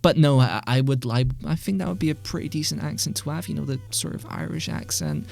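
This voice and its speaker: A man's voice: a little high, brisk, creaky, darkish tone. A British man rambling casually into a microphone as host of his gaming channel, sweary and self-deprecating. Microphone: desk microphone.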